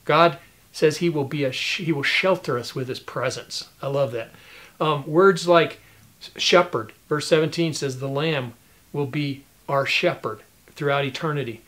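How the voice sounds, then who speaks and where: A man speaking as a pastor to study groups, his voice sitting a little high. He talks in a prayerful, encouraging way, with some casual ums along the way. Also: unhurried, a bit bright. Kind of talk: sermon.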